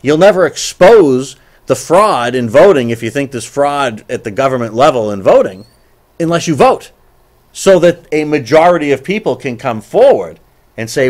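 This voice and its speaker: A middle-aged man hosts a live political show and speaks his mind bluntly. He gets animated, stumbles into restarts and repeats himself for emphasis. His voice sits at an ordinary male pitch. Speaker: show host. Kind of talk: live political call-in talk.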